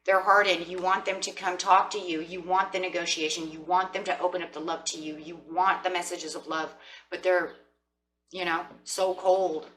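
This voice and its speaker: A woman's voice: on the low side, little pitch movement, normal speed, a bit bright, slight background noise, rough recording. A woman giving a tarot reading, speaking straight to her viewers and voicing imagined lines from the people she describes. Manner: speaks directly to viewers, acts out imagined quotes. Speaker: tarot reader.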